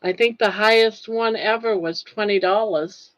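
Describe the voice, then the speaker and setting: A woman's voice: mid-range voice, moderate pace, no echo, poor audio. An older woman hosting a casual livestream, chatting, reading viewer comments aloud, laughing often and sounding touched. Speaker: livestream host.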